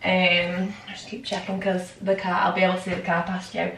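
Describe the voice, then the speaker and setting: A woman's voice: fairly low pitch, completely flat delivery, a little fast, vocal fry, a bit bright, a little hiss or hum. A young woman chatting in a casual vlog, rambling and scattered with lots of ums, shaky and out of breath. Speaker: vlogger. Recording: echoey room, mic at a distance.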